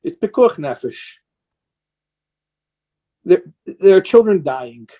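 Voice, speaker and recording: A man's voice: high voice, expressive, slow, mellow, dull audio. A man speaking as a rabbi in an impassioned question-and-answer talk, earnest and emotional, sounding tired and worn down.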